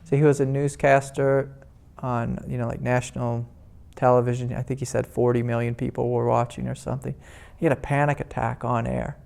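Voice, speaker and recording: A man, a spiritual teacher, giving a gentle, rambling talk at a meditation retreat, full of "you know" fillers. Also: mid-range voice, flat delivery, a little fast, vocal fry. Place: indoor retreat meeting room.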